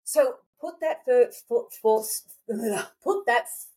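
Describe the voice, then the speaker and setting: Animated, slightly husky woman coach. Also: a little high, slow pace. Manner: animated, acts out quoted thoughts, restarts often. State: slightly dry throat. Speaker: intuition coach and guest. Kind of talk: conversational interview advice.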